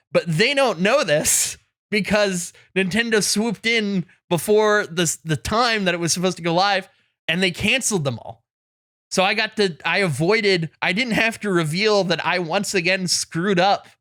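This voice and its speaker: A man co-hosting a podcast, telling a self-deprecating story in a lively way and laughing often. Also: high-pitched, moderate pace, no room sound, studio quality. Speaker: podcast co-host. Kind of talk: casual podcast chat. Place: in Canada.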